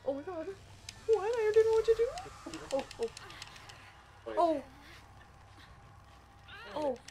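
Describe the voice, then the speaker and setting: A woman's voice: extremely high pitch, lively intonation, slow pace, dark tone, a little hiss or hum. A young woman hosting a gaming vlog, talking casually and panicking and laughing a lot as she plays. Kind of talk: casual gameplay chat.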